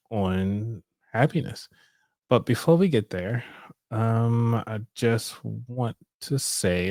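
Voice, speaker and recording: A man's voice: lowish voice, darkish tone, no room sound, studio quality. A man hosting a live show, talking casually and upbeat, breaking into laughter often. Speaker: show host. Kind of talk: casual live-stream talk.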